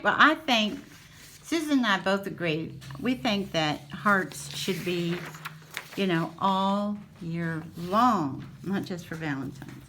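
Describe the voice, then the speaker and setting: Woman, craft haul host, slow-paced, gushing and cooing over items. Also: mid-range voice, animated, fairly bright tone, slight background noise. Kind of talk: casual haul show-and-tell.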